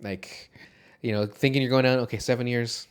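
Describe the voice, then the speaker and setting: A man co-hosting a casual movie podcast, talking loosely and profanely, laughing often and dropping to a low mutter over his notes. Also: steady tone, normal speed, smooth. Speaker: podcast co-host.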